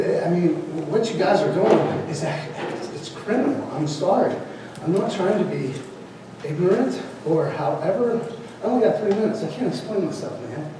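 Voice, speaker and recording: A man making an impassioned, defiant public comment at a meeting. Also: high voice. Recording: echoey hall from far off, noisy.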